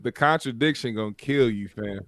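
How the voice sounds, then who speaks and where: A man's voice: mid-range voice, fairly quick, no room sound, studio quality. A man co-hosting a podcast in casual chat, telling stories in a laid-back, profane way. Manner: laid-back storytelling, profane, laughs often. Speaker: podcast co-host.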